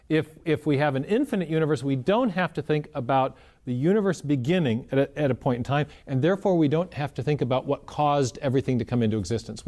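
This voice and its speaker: A man's voice: on the high side, darkish tone. A man in an interview, explaining ideas step by step in an earnest, conversational way. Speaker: interview guest explaining science.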